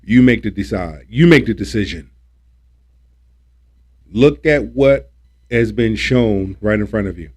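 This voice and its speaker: A man's voice: lowish voice, lively intonation, a little slow, pauses often, a little mellow. A man hosting a livestream, ranting about politics in a preachy, repetitive, emphatic way and swearing when he gets worked up. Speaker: livestream host.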